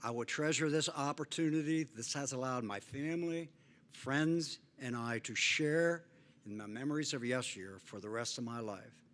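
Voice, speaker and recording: Older man, heartfelt acceptance speech, deliberate, earnest, banquet dinner, average pitch. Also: a bit bright. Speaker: hall of fame inductee.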